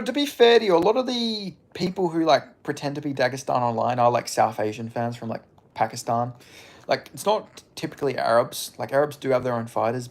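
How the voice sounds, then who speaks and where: A young Australian man with a mild Australian accent, answering chat in a relaxed, casual livestream and swearing freely. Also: medium pitch. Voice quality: laid-back, swears casually.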